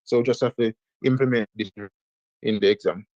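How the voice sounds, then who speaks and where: A man co-hosting a casual football talk show, talking quickly and hedging with fillers. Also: medium pitch, steady tone, darkish tone, dry recording, dull audio. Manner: quick, hedging with "like" and "you know". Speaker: co-host.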